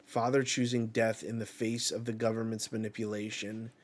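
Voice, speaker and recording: A man's voice: fairly low pitch, little pitch movement, normal speed. A man hosting a live reaction, reading dialogue aloud and casually narrating what happens on each page. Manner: reads dialogue aloud and narrates panels in a chatty way. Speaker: channel host reacting to a manga chapter.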